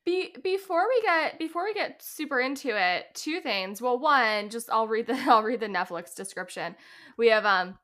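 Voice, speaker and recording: Bright, chatty woman podcaster. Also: a little high, normal speed. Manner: chatty, animated, many restarts and likes. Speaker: podcast co-host. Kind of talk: casual chat recapping a reality show.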